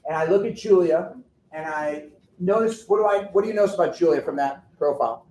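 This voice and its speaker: A middle-aged orthodontist tells funny, self-deprecating stories to an audience in a lecture room. His voice sits on the high side with a dark tone, and he talks a little fast. The room sounds echoey.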